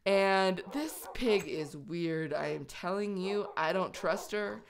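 A woman hosting a video game let's play, chatty and excitable, talking to her pets as she plays. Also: mid-range voice, slow pace, vocal fry, a crowd in the background.

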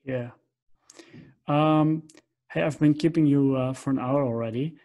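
A man's voice: medium pitch, steady tone, unhurried, mellow. A man hosting an interview, asking questions hesitantly with many fillers such as um and like, his questions often trailing off. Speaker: podcast host. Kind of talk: conversational interview.

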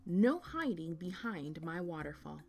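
Bold little girl shape, bossy and brave, sing-song and lively, as a woman reads her. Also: fairly low pitch, unhurried, vocal fry, faint music behind, heavily acted.

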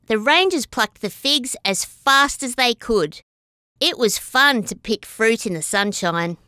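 Bright, lively woman storyteller. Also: on the high side, a little slow, smooth, no echo, clean studio sound. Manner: warm, expressive, sing-song. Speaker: children's storyteller. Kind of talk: reading a children's story aloud.

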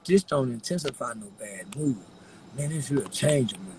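A man rambling to the camera while high, giggling through his words, teary-eyed from laughing, with a loose, slangy way of talking. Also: animated, normal speed, darkish tone, slight background noise, low-quality recording. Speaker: vlogger. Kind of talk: rambling stoned chat to camera.

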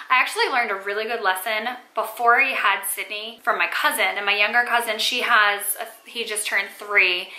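A chatty young woman talks casually to camera, her voice bright and a little high. She leans on "like" and "um" as she goes, and the room around her rings with echo. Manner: chatty, lots of "like" and "um" fillers. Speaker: mom vlogger. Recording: echoey room.

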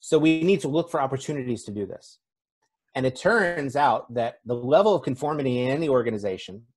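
A man speaking as a conference speaker in a conversational, self-deprecating keynote, with frequent fillers. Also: mid-range voice. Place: event stage.

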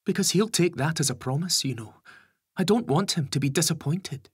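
A man voicing a caring, gently firm mother with dry wit in an audiobook. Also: fairly high pitch, expressive, normal speed, breathy edge, no echo, voice pushed up. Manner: soothing, teasing. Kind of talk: audiobook character voice.

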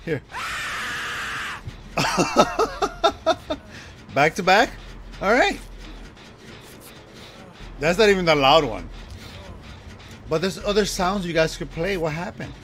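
A man streaming a horror game live, chatting with viewers, swearing casually and yelping at the scares. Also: a little high. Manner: jumpy, yelps and laughs at scares, chats with viewers.

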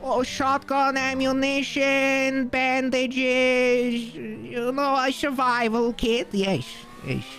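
A man's voice: extremely high pitch, little pitch movement, takes it slowly, few pauses, fairly bright tone, voice pushed up, full character voice. A man putting on a fumbling formal impostor. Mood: nervous formal. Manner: formal, hesitant, overly polite. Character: old man faking another man's voice, fumbling and polite.

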